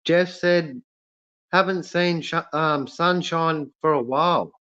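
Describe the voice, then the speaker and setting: A man with an Australian accent chats casually on a live stream, reading out viewers' comments. His voice sits slightly high and he speaks haltingly, stopping often to restart. The sound is muffled and lo-fi. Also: fairly bright tone. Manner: halting, many fillers and restarts. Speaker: livestream host reading chat. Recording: lo-fi dull sound.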